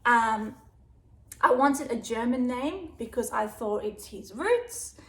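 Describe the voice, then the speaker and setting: A woman's voice: a little high, lively intonation, slow pace. Chatty Australian woman in an echoey room. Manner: rambling, chatty, breaks off to talk to her dog. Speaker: dog vlogger. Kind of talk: casual vlog chat. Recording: echoey room, faint background hiss.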